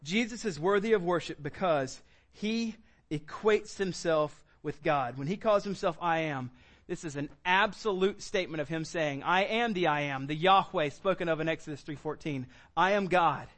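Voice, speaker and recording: A man preaching a sermon as pastor, animated, acting out quoted lines with sudden high bursts. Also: normal speed.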